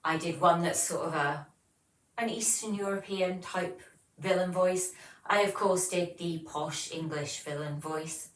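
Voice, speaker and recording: A woman's voice: on the low side, fairly even intonation, a little slow, reverberant, recorded from a distance, rough recording. A woman, hosting a casual livestream and chatting as she reads viewer comments aloud. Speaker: livestream host.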